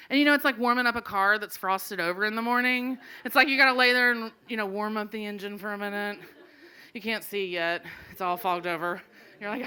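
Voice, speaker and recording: Bright-voiced woman telling comic stories. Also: medium pitch, normal speed, clean tone. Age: 40s. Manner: animated, laughing through lines, acting out quoted voices. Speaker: storyteller comedian. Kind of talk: live storytelling comedy. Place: small live venue stage.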